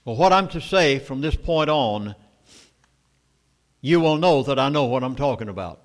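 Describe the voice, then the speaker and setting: A man's voice: mid-range voice, expressive. Southern man lecturing in an echoey hall. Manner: emphatic, storytelling, drawn-out dramatic pauses. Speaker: speaker at a meeting. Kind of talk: public lecture to an audience. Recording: long hall reverb.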